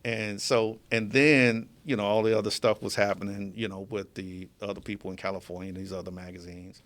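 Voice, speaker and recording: A man's voice: on the low side, little pitch movement, brisk, a bit bright. A man being interviewed as a guest in a studio, telling his story casually and with animation, often laughing as he talks. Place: media studio.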